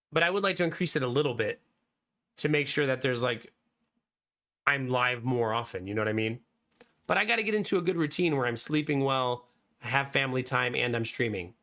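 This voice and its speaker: A man in his thirties, slightly hoarse, chatting casually on a live stream and answering viewers by name. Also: fairly high pitch, pushed and bright. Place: home streaming room.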